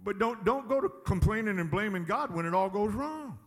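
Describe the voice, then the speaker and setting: A man's voice: sits high, lively intonation, brisk, long reverb tail. A man preaching a sermon in a folksy, emphatic way, often chuckling at his own points. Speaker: pastor.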